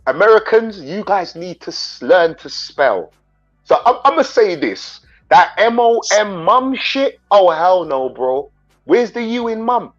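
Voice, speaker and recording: Lively storyteller, lo-fi stream audio. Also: male voice, sits high, unhurried. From England. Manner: animated storyteller, mimics voices, laughs often. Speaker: host. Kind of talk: casual chat on a livestream. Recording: dull lo-fi stream audio with faint music.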